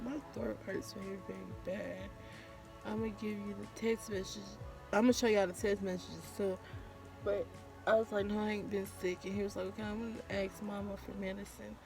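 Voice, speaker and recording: A woman's voice: mid-range voice, steady tone, fairly quick, gravelly, over music. A woman vlogger, telling a candid, profane story in casual storytime style. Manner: candid, profane, acts out quotes.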